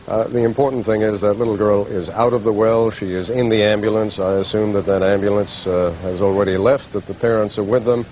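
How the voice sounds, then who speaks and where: A male news reporter with a low voice speaks in a measured, composed way. He delivers a live broadcast report. The faint background hum fits an old television broadcast. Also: darkish tone, rough recording.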